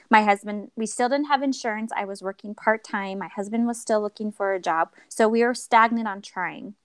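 A woman's voice: mid-range voice, fairly quick, hardly any pauses, clear, resonant tone, no echo. A young adult woman sharing a personal story as a podcast guest, acting out quoted dialogue and laughing often. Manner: expressive, acts out quoted dialogue.

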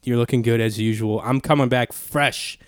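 A man chatting on a podcast in a laid-back, loose way, often laughing and swearing. His voice sits at an average pitch. The sound is dry and close, with no room echo. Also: fairly even intonation, moderate pace. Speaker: podcast co-host. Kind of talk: casual chat.

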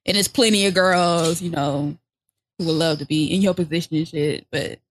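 A woman co-hosting a podcast, gossiping crudely with laughs, sighs and loud exclamations. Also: deep voice, fairly even intonation, moderate pace, a little hiss or hum. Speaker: podcast co-host. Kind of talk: casual chat.

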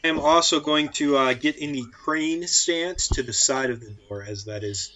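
A man playing a tabletop game, calmly explaining his character's moves. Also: fairly high pitch, moderate pace, dull audio. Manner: explanatory, matter-of-fact. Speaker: player. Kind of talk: casual tabletop play.

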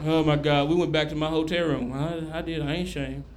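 A man from Memphis doing a crude, animated stand-up routine on a club stage. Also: on the high side, a little fast. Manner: loud, crude, animated storytelling. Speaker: stand-up comedian. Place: comedy club stage before a live audience. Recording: live club recording with noise.

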